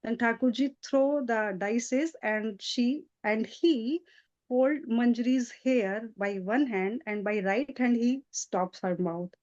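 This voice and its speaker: A woman giving a devotional lecture, retelling a sacred story in an animated storytelling manner. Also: a little high, takes it slowly, highs cut off. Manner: animated storytelling with frequent restarts. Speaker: spiritual lecturer.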